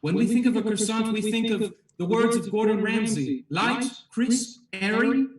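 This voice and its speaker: A high-voiced man delivers an improv closing argument with pompous, mock-patriotic flourish. He sounds distant, and strong room echo surrounds him. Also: fairly quick, a little mellow. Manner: grandiose, mock-patriotic oratory. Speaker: improv player arguing for croissants. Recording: roomy echo, distant from mic.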